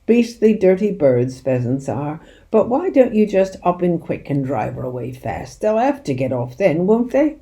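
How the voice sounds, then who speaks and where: A woman's voice: fairly low pitch, big pitch swings, normal speed, hardly any pauses, mellow. A woman reading aloud, voicing a jovial, crafty country police sergeant with folksy, mock-polite speech. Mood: mock-innocent.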